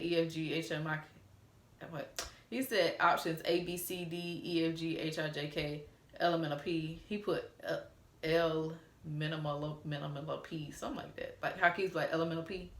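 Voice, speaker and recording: A young woman from Atlanta, telling a story casually and reading out text messages in an animated way. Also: sits low, echoey room. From Atlanta, USA. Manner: animated, reads out texts in a playful drawl. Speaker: storytime vlogger.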